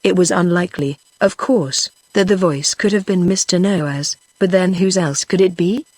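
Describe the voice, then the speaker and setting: A text-to-speech woman's voice with a British English accent, reading a children's storybook aloud in an even, steady way. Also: lowish voice, normal speed, no echo. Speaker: audiobook narrator. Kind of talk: scripted narration.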